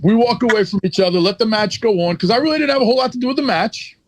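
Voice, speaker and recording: Blunt, high-voiced man telling a story. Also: racing, a little hiss or hum. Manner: blunt, profane, heated. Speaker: wrestler guest. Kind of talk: casual podcast storytelling.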